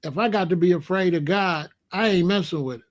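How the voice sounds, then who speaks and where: A man in his sixties with a rather high voice talks straight into his stream. He is blunt and emphatic, and he often says the same line twice or three times to drive it home. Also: a little fast. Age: 60s. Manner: blunt, emphatic, repeats himself. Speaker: host. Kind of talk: casual livestream talk answering chat.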